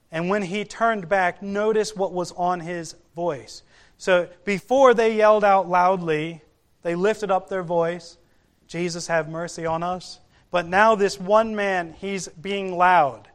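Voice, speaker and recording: A man delivering a sermon in an unhurried, storytelling way. His voice sits high for a man, and he takes his time. Now and then he slips into the voices of the people in the story. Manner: slow, storytelling delivery that acts out quoted voices. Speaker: preacher.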